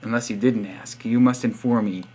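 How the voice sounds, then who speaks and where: A man's voice: on the low side, steady tone, normal speed, darkish tone, breathy edge. Sarcastic young man teasing viewers. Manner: sarcastic teasing, reads profiles aloud with wry asides. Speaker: vlogger giving subscriber shoutouts. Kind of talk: casual joking monologue.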